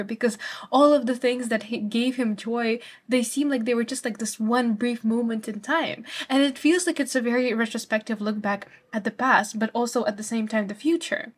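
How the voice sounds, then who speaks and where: A young woman presenting a literature study guide, explaining a poem line by line in an earnest way, slowing down when she reads the verse aloud. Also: a little high, slightly rough. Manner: earnest, uses fillers like "like", slows down to read quoted verse.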